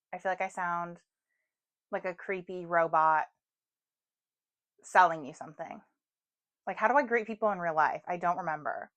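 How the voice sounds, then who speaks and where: A woman's voice: lowish voice, fairly bright tone. A woman chatting casually about books at home, chatty and self-deprecating, with lots of "like". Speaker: booktuber. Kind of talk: casual book chat.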